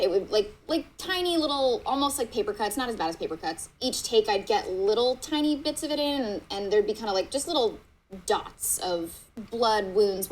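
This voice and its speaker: A woman's voice: fairly high pitch, slight background noise, rough recording. A woman, an actress, candidly reacting to clips of her old work, self-mocking and laughing often.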